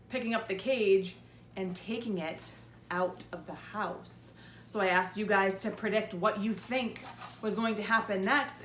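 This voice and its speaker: A woman teacher reading a chapter book aloud to her class, friendly and relaxed. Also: medium pitch, slight background noise. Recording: echoey room.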